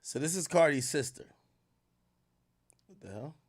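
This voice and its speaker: A man hosting a late-night stream, reading posts aloud and reacting with profane, animated commentary. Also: a little high, unhurried, breathy edge, no echo, clean studio sound. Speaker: livestream host.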